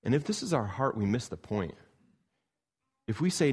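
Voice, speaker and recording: A man, a pastor from Canada, preaching a sermon in an earnest style, rising to emphatic peaks and dropping low. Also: expressive, moderate pace, long pauses, darkish tone, husky.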